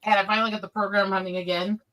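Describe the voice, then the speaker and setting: A woman's voice: mid-range voice, level tone, racing, fairly bright tone. A woman streaming casually to her viewers, gushing and emotional as she talks, laughing often. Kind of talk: casual live-stream chat.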